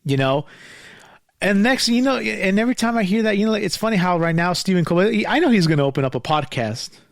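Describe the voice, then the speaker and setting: Guy ranting mad and swearing a lot, kinda high voice, dry sound. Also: lively intonation, fast talker, dry recording. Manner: angry, profane, rambling with many restarts and fillers. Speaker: podcast host. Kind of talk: casual ranting monologue.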